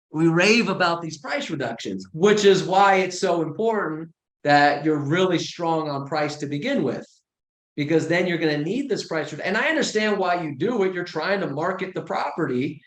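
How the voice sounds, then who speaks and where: A man with a somewhat high voice gives an informal coaching talk, blunt and animated, dropping sarcastic asides. The recording carries a roomy echo. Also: normal speed. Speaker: real estate coach.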